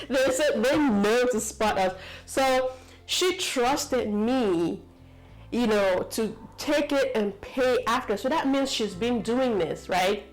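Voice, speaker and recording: A woman's voice: on the high side, takes it slowly, soft background music, low-quality recording. A woman from the United States telling a story to camera in a chatty, rambling way, full of fillers and asides. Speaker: vlogger.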